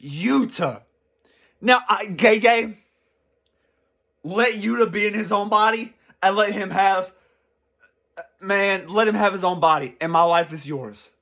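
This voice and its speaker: A young man giving casual, excitable commentary as a channel host, rambling and swearing freely. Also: high-pitched, slow, pauses often.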